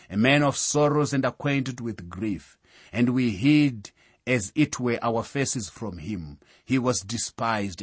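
Husky guy preaching a sermon, slow and solemn, dry mic. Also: mid-range voice, no room sound. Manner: solemn, deliberate, reads scripture references aloud.

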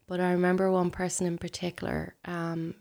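A woman, a guest talking intimately and hesitantly in a soft, often breathy, near-whispered voice. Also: fairly low pitch, completely flat delivery, a little fast. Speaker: guest sharing a personal story. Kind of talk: intimate conversation.

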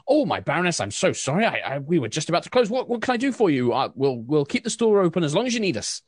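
Fussy stammering baker matron, voice pitched way up, put on by a man, in a tabletop game. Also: very animated, quick pace, no room sound, studio quality. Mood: gushing. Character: flustered motherly middle-aged baker woman.

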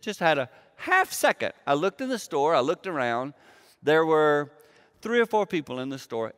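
A man preaching a sermon in a somewhat high voice, talking to the congregation like a friend and acting out what each person said. His voice rings out with a long reverb, as in a large hall. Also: fairly bright tone, clean tone. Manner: conversational, acts out quoted dialogue. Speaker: pastor.

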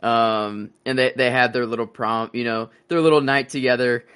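A man's voice: medium pitch, steady tone, moderate pace, fairly bright tone, smooth. Rambling male podcast co-host. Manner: rambling, acts out scenes in character voices. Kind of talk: casual movie discussion.

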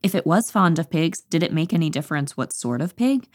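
A woman's voice: sits low, animated, fairly quick, a little mellow, no echo. A woman co-hosting a podcast who chats casually, reads aloud, and makes dry, wry asides. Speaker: podcast co-host. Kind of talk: casual chat and reading aloud.

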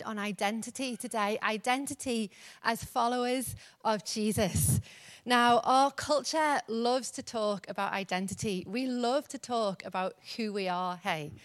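A woman's voice: on the high side, a bit bright. A woman preaching a church sermon in a conversational way, with laughing asides. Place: church service.

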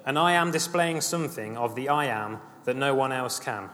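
A man's voice: medium pitch, moderate pace, a bit bright. Earnest male preacher in a reverberant hall. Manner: earnest, rising emphatic passages, repeats phrases. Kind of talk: sermon. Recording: long hall reverb, faint ambient noise.

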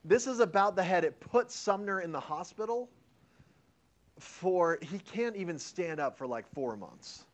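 A man teaches a history lesson in a classroom, his voice sitting a little high and swinging widely in pitch. He jokes with the students and keeps asking them questions as he explains. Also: unhurried. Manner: animated, joking, and asks the class questions.

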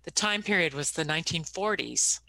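A woman hosts a casual interview in a bright, forward voice. The sound is dry and close, and she chimes in often with quick agreement. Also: sits low, animated, creaky, no room sound, poor audio. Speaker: interview host.

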